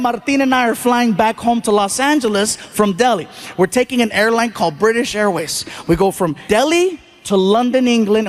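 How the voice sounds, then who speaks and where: A man doing stand-up comedy on a large stage, telling a story and acting out other people's voices with shouted punchlines. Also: high voice. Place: large theater stage before a live audience. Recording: live stage recording with audience noise.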